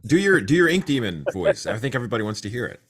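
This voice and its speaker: A man's voice: medium pitch, very animated, racing, breathy edge. A man, a voice actor, joking and teasing his fellow panelists on a livestream over a video call. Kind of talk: casual chat on a livestream.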